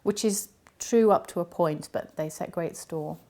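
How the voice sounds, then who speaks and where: Softly low-pitched woman linguist explaining. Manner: measured, explaining with frequent ums. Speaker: linguist and university academic. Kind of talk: explanatory interview answers.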